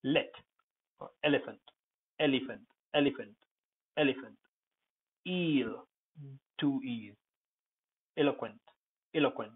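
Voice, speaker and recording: Male pronunciation teacher, husky, mid-pitched, repeats and spells words; lo-fi tinny audio. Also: slow pace, long pauses. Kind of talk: pronunciation lesson.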